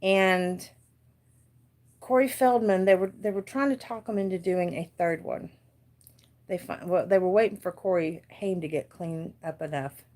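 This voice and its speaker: A woman's voice: fairly low pitch, measured pace, darkish tone. Woman, forties, American accent, chatty, easily distracted, laughs a lot, casual home livestream. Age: 40s. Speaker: crafting livestream host. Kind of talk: casual live chat. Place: dark room at home.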